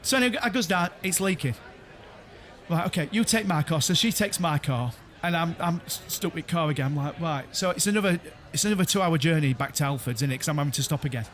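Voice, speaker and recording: Man, high voice, bright tone, rambling casual anecdote, laughs often. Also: fast talker. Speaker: podcast co-host. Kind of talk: casual chat among friends.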